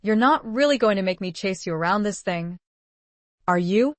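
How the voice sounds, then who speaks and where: A woman voicing a spirited young woman in disguise, with a defiant, sharp-tongued manner. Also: mid-range voice, lively intonation, moderate pace, no room sound, lightly acted.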